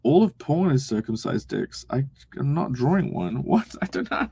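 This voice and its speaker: A man's voice: mid-range voice, very animated, moderate pace, dark tone, husky. A young man casually streaming, reading chat aloud, laughing often and swearing freely.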